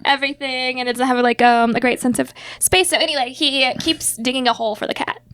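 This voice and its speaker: A woman's voice: high voice, fairly even intonation, fast talker, a bit bright, smooth, no echo. A woman co-hosting a podcast, telling stories in a chatty, casual way and laughing often. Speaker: podcast co-host. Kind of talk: casual chat.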